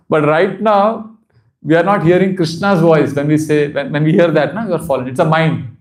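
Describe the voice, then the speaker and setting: A man's voice: on the high side, normal speed, a little mellow. A man giving a devotional seminar talk, earnest and repetitive for emphasis, often breaking into laughter. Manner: repeats phrases for emphasis. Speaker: spiritual teacher.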